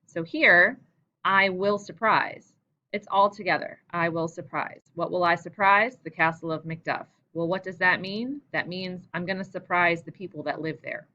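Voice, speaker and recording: A woman's voice: on the low side, moderate pace, hardly any pauses, pushed and bright, lo-fi sound. A woman English teacher giving a recorded lesson, explaining patiently and asking guiding questions.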